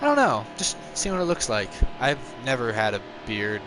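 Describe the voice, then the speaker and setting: A man's voice: moderate pace, noisy background. A man streaming a racing game live, chatting casually with viewers and joking at his own expense. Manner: chatty and self-mocking, yelps high with excitement during racing.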